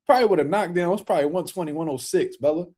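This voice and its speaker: A man's voice: on the high side, rapid-fire, darkish tone. A man hosting a casual boxing livestream, talking loosely in slang and speaking to viewers in the chat.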